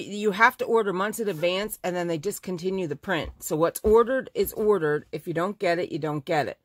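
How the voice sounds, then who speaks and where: Gushing woman showing off fabrics. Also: lowish voice. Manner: chatty and gushing, corrects herself mid-sentence. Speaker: fabric shop owner. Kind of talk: casual live product showcase.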